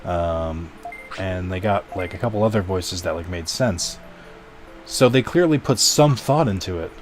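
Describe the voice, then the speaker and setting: Low-voiced man rambling on a live stream. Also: a little slow. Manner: rambling, swears casually, chats with viewers. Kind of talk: casual live-stream chat. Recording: game music underneath.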